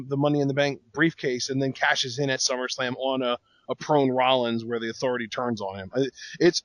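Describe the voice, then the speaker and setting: A man co-hosting a wrestling podcast, talking in quick excited bursts. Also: mid-range voice, no room sound. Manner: excitable, talks in bursts with restarts. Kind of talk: casual recap chat.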